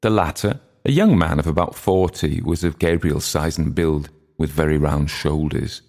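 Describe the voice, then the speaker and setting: Deep, gravelly male narrator. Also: normal speed, a little mellow. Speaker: audiobook narrator. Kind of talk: literary narration.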